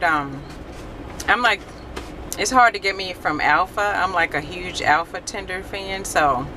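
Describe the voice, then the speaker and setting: Woman vlogger, casual food review, lowish voice, animated, laughs a lot, noisy background. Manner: chatty and animated, laughs often. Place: restaurant.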